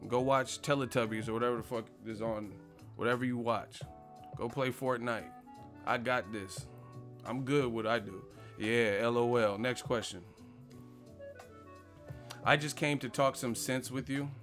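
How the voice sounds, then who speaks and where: A man's voice: mid-range voice, fairly bright tone. A man hosting a boxing live stream, reading chat questions and answering in a brash, mocking, profane trash-talk manner.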